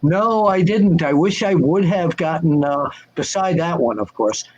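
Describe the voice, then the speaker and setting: An older man telling wrestling-magazine stories on a video call, lively and acting out the voices of people he quotes. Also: fairly high pitch, measured pace, slightly rough, lo-fi sound. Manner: animated, acts out quoted voices. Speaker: guest answering fan questions. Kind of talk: casual storytelling chat.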